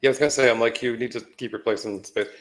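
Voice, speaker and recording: A man in a casual live-stream chat who laughs often and jumps in with quick asides. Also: medium pitch, fairly even intonation, a little hiss or hum. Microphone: live stream microphone.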